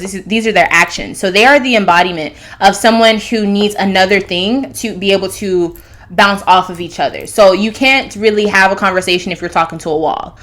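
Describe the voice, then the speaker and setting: A woman with a mid-range, slightly bright voice hosts her own astrology channel. She talks casually in a loose monologue, jumping between thoughts with fillers and restarts.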